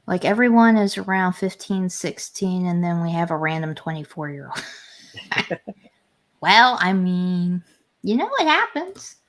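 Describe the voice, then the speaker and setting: A woman's voice: lowish voice, big pitch swings, measured pace. A woman hosting a casual livestream chat and reading out viewer comments, talking in a rambling way with frequent restarts. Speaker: livestream host.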